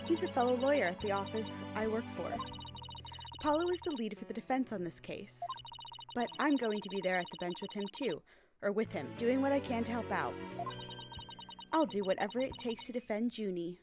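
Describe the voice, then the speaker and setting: A woman's voice: fairly high pitch, lively intonation, brisk, over music, natural voice. A woman voicing a determined, loyal young female lawyer, speaking earnestly and upbeat.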